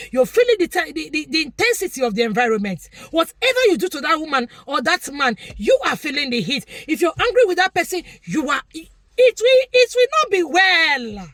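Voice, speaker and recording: A woman's voice: sits high, a bit bright, no echo, clean studio sound. A Nigerian woman vlogger giving an opinionated, preachy commentary, repeating her points for emphasis.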